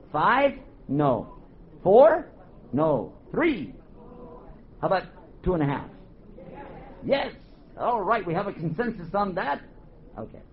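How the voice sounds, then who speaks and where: A man giving a religious lecture to a live audience, animated, quizzing the crowd and joking. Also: sits high. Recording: dull lo-fi recording, faint hiss.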